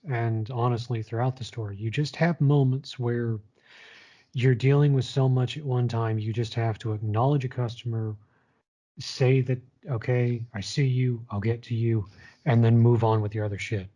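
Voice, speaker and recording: A man's voice: medium pitch, fairly even intonation, moderate pace, mellow, highs cut off. A man in his late twenties telling a long personal story in a candid, casual way, swearing often. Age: late 20s. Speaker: guest sharing his story. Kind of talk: casual conversation.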